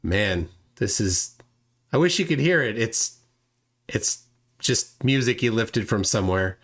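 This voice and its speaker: A male live stream host talks slowly, his pitch swinging widely. He sounds exasperated and mocks what he hears. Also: expressive, fairly bright tone. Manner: exasperated, laughs at clips. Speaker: channel host.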